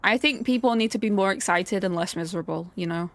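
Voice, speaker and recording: A young woman streaming a game, chatting casually and excitably, often ranting and laughing. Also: medium pitch, quick pace. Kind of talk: casual live-stream chat while playing.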